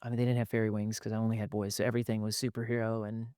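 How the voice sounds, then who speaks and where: A man's voice: lowish voice, racing, smooth, no echo, clean studio sound. A man in his forties hosting a casual podcast chat, telling stories with lots of laughter and playful put-on voices. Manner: animated storyteller, laughs often, slips into playful voices. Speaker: podcast host.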